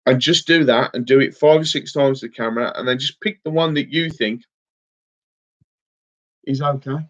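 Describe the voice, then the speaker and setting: Male streamer, casual friendly chat, mid pitch, slightly dull lo-fi audio. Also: normal speed, a bit bright. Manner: chatty, emotional, says mate a lot. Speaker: fishing livestream host. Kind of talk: casual livestream chat reading comments.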